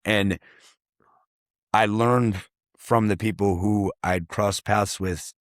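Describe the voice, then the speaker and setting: A man's voice: lowish voice, fairly even intonation, takes it slowly, dry recording, studio quality. A man in casual podcast talk, reflective and loose, cursing freely and trailing into fillers. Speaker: guest, artist and songwriter.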